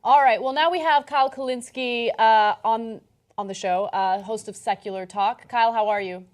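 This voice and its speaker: Woman host, lively political chat, animated storyteller. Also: on the high side, moderate pace. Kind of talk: casual political talk show.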